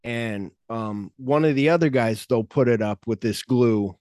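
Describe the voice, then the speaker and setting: A man's voice: mid-range voice, a little slow. A man hosts a podcast, retelling scenes in a loose, chatty way. He jumps into raised voices for the quotes and swears freely. The sound is dry and close, with no room echo. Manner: animated storyteller, acts out quotes in a raised voice, swears often. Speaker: podcast host. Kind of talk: casual chat retelling a film script.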